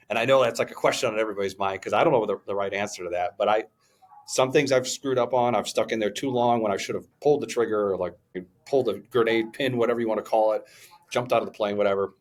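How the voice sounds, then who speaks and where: Reflective low-voiced male podcast host. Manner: reflective, rambling, many fillers and restarts. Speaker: podcast co-host and business owner. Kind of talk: casual podcast conversation.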